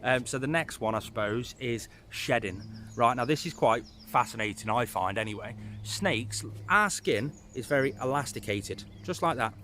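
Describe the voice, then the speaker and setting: A man's voice: medium pitch, lively intonation, normal speed, sharp tone, a little hiss or hum. A man giving casual pet-snake advice to camera outdoors, rambling and losing his place now and then. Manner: rambling, loses his place, chatty asides. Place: outdoors in the rain.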